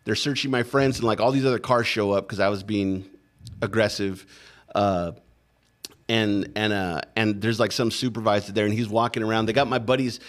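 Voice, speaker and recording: A man's voice: on the low side, fairly even intonation, normal speed. A man, a podcast guest, telling his story in a casual and rambling way, cursing a lot and leaning on "like" and "right?". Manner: profane, rambling, full of "like" and "right?".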